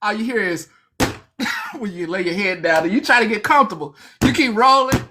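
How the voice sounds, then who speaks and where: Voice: medium pitch, fairly quick, noisy background. A comic storyteller telling a jail story in a casual, conversational way. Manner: animated, conversational, laughs often.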